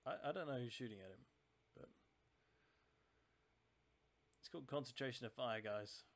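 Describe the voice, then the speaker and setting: A man's voice: medium pitch, quick pace. Chatty man narrating his game. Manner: chatty, analytical, thinking aloud about tactics. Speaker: channel host playing a naval strategy game. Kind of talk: casual let's-play commentary.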